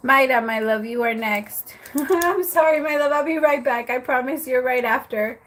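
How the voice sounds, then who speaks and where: A woman's voice: a little high, low-quality recording. A woman giving tarot readings on a live stream, chatty and apologetic, laughing often. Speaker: tarot reader.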